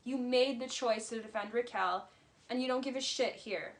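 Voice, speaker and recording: A woman's voice: a little high, normal speed. A woman vlogger giving a casual, heated recap of a reality show, blunt and swearing freely. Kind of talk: casual commentary.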